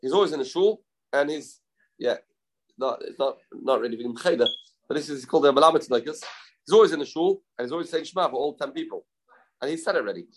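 A man's voice: a little high, animated, fast. A man teaching a Talmud lesson, chanting quoted verses in a sing-song and asking and answering his own questions. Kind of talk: Talmud lecture.

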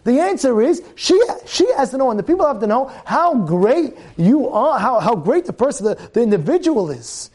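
A man's voice: very high-pitched, big pitch swings, normal speed, few pauses, darkish tone. A man teaching a weekly Torah-portion class. He talks emphatically, repeats his phrases and keeps firing questions at his listeners.

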